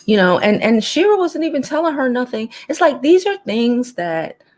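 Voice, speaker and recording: A woman's voice: high voice, big pitch swings, moderate pace. A woman hosting a casual livestream chat and reading the comments, blunt and talkative, who laughs often and swears freely. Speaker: host.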